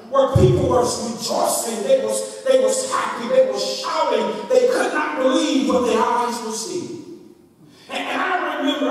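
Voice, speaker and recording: High-voiced preacher in an echoey church. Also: male voice. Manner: rousing preacher, calls for response from the congregation; repeats words when building up. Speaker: pastor. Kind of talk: sermon. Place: church sanctuary. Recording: echoey church hall from far off.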